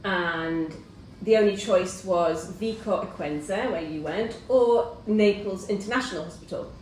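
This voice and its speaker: A middle-aged woman hosting a casual chat, telling a personal story in an animated way and acting out the voices of people in it. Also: fairly low pitch, unhurried, slight background noise. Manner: animated storyteller who acts out quoted voices. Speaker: host. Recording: roomy, distant mic.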